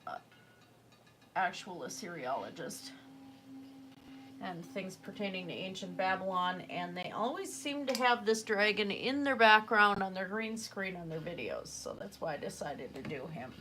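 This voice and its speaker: A woman's voice: mid-range voice, expressive, moderate pace, bright, forceful tone, faint music behind. A woman chatting casually while she paints on a livestream, rambling with fillers and self-corrections. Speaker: artist livestreaming a painting session.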